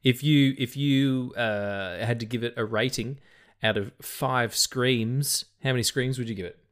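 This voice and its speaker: A man's voice: mid-range voice, unhurried. Rambling man, sweary. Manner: rambling, swears freely, stutters and restarts. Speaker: podcast co-host. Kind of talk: casual film podcast chat.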